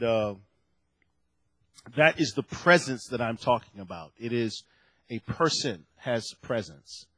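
A man's voice: mid-range voice, no room sound. A man preaching a sermon at a lectern to a congregation, telling stories with animation and acting out the voices in his quotes.

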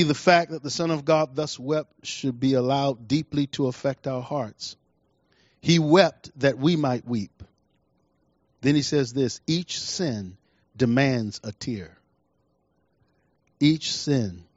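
A middle-aged man preaching a sermon, emphatic, repeating key lines and swinging between soft and loud delivery. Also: a little high, no room sound. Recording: dull dry recording.

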